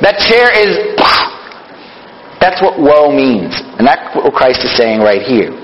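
A man's voice: on the high side, fairly bright tone, slight background noise. A man leading a Bible study, questioning his group and repeating phrases to drive points home. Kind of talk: teaching sermon. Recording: dull lo-fi hall recording.

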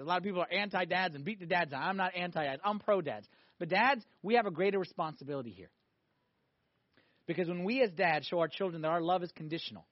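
A man, a priest, preaching a sermon in an animated way, swinging between loud emphatic peaks and quiet asides. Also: sits high, dry recording, muffled recording.

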